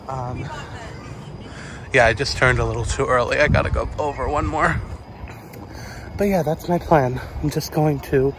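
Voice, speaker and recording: A man's voice: a little high, noisy background. A man vlogging casually on a resort trip, rambling with lots of fillers as he walks around and then settles in his hotel room. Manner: chatty, rambling, many fillers. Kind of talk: casual vlog narration.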